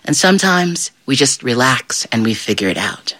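Storyteller, middle-aged, live audience, playful, bright, lively pitch. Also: normal speed. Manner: animated, playful, asks the audience questions.

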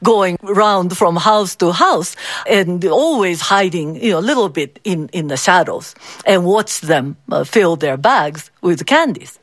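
A mother narrating a first-person story calmly, switching into character voices. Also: on the low side, unhurried, dry recording, studio quality. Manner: calm, with expressive character voices.

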